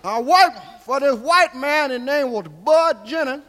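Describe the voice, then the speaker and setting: Guy doing a folksy old southern man drawling a tall tale, real high thin voice, keeps going "see?". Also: lively intonation, measured pace, fairly bright tone, heavily acted. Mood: rambling. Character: old rambling country man telling tall tales. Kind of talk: stand-up character monologue. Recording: live hall reverb.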